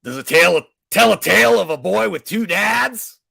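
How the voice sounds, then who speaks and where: A man's voice: high-pitched, lively intonation, normal speed, vocal fry, sharp tone, full character voice. A man voicing an angry, hotheaded male match who bullies and bans books, reading aloud in a playful children's-book style.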